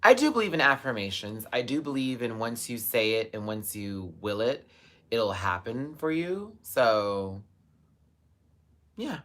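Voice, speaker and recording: A young man hosting a live stream, reading viewer comments and chatting casually, with sudden high exclamations and bursts of laughter. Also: very animated, a little slow, bright, forceful tone.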